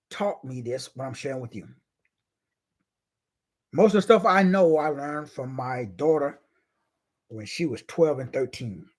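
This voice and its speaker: Guy doing a live motivational talk, kinda breathy, stretches words out big and emphatic, slangy. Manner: preachy, drawn-out emphatic phrasing with big swings in pitch and loudness; casual informal speech with slang. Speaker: motivational speaker hosting a live stream.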